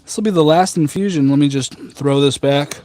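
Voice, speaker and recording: A man's voice: fairly high pitch, brisk, a little hiss or hum. Joking man livestreaming from a rooftop. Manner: jokey, rambling, deadpan humor with many ums and uhs. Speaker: tea livestream host. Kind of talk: casual live-stream chat reading viewer comments. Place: outdoors on a rooftop garden.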